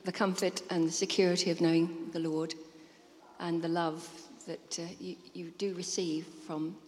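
A woman's voice: fairly low pitch, little pitch movement, normal speed, darkish tone. Woman, earnest faith testimony, hesitant, church hall echo, faint noise. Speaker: church member interviewed.

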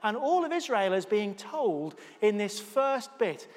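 A man with a fairly high voice leads an all-age church service as pastor, joking with volunteers and cheering them on through a hands-on demonstration. The church has a long, echoing reverb. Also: measured pace. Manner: jokey, energetic, cheering people on. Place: church hall.

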